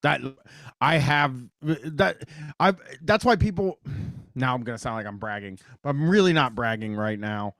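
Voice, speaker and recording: A Midwestern American man hosts a call-in show in a loose, rambling way, cursing casually and breaking into laughs. His voice sits at an ordinary middle pitch. The sound is close and dry, with no room around it. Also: animated, moderate pace, fairly bright tone, no echo. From Columbus, Ohio, US Midwest. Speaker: radio call-in host. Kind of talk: casual radio talk show chat.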